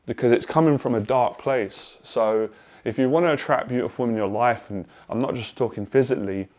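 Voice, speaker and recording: A man's voice: mid-range voice, fairly quick, a little mellow. A man coaching on dating and confidence, talking straight to the camera in an earnest, emphatic way and repeating phrases for stress. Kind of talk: direct-to-camera advice monologue.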